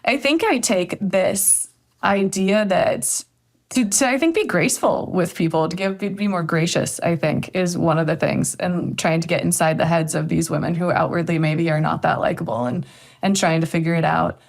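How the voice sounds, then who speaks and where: Gravelly low-voiced woman author. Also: normal speed. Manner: reflective, storytelling, hedges with "I think". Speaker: author guest. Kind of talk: podcast interview conversation.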